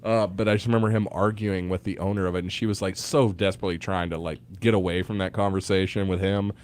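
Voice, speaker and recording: A man's voice: deep voice, flat delivery, fast talker. A man co-hosting a morning radio show, telling rambling stories with lots of fillers. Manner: rambling storyteller with many fillers. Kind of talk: casual morning radio banter. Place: radio studio.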